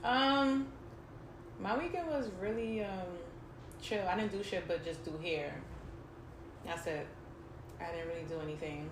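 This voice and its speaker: A woman's voice: mid-range voice, measured pace, long pauses. A young woman co-hosting a podcast, talking in a casual, candid way, swearing freely and laughing often. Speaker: podcast co-host. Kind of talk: casual chat. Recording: roomy echo with faint noise.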